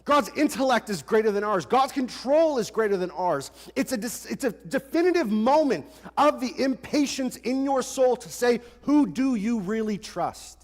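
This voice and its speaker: A man in his twenties preaching a sermon, animated and conversational, full of rhetorical questions. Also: very high voice, moderate pace, hardly any pauses. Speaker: pastor. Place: large church hall. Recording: long church hall reverb.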